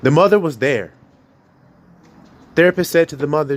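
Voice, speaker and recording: Speaking a little fast with a fairly high pitch, a man preaches passionately to his congregation. He doesn't mince words or avoid profanity, and he fires rhetorical questions at those listening.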